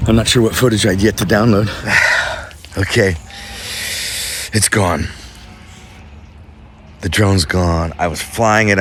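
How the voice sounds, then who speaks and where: A man vlogging outdoors on a mountainside, thinking aloud in a halting way with fillers. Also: deep voice, a bit bright, slight background noise. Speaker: travel vlogger host. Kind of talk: casual vlog narration.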